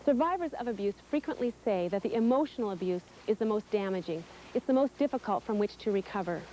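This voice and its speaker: A woman reading scripted documentary narration in a measured, even way. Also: medium pitch, a little hiss or hum, rough recording.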